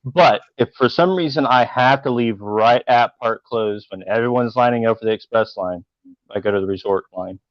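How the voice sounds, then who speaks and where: A man co-hosting a casual livestream, relaxed and chuckling between remarks. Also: mid-range voice, normal speed, no echo. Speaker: livestream co-host. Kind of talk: casual chat. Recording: dry, muffled lo-fi stream audio.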